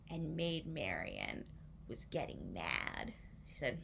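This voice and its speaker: A woman telling a story to young children, playful and animated, inviting listeners to join in. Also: rumbling low, measured pace, vocal fry, slight background noise.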